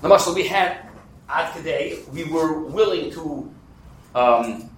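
A man teaching a Talmud class, animated and quick, fielding questions and dropping in Hebrew and Yiddish terms. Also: a little high, echoey room, poor audio. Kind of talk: interactive class lecture.

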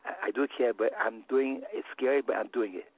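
A man with a husky voice gives a Torah lesson, stumbling and repeating phrases as he goes. His pitch sits in the middle for a man. The sound is thin and boxy, like a phone line. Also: fairly even intonation, no echo. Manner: halting and repetitive, many restarts. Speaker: religious teacher.

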